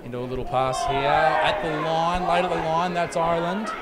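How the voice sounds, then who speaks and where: A man giving fast, jokey play-by-play commentary on a rugby league match from a commentary box. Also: fairly high pitch. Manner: rapid, excitable, jokey play-by-play. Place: commentary box at an outdoor ground. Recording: loud crowd and outdoor noise.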